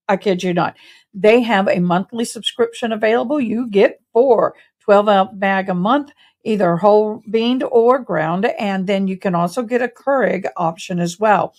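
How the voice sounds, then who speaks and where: A woman hosting a casual livestream, bubbly and effusive, greeting viewers as y'all. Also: mid-range voice. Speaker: host of a legal news channel.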